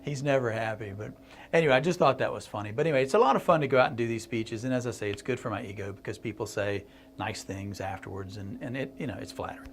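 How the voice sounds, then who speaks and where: A man's voice: medium pitch, fast talker, a little hiss or hum. A middle-aged man speaking to camera in a casual blog video, telling a story as a consultant and speaker, laughing and restarting often.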